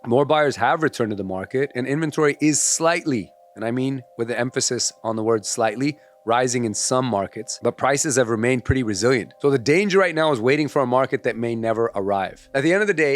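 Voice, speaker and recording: A man, a mortgage advisor giving confident, advisory market explanations straight to viewers. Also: mid-range voice. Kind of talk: scripted explainer to camera.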